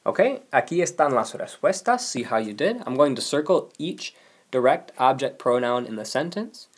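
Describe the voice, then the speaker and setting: A man's voice: medium pitch, very animated, normal speed. A man teaching a recorded video lesson, explaining rules patiently and reading example sentences aloud. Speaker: language teacher.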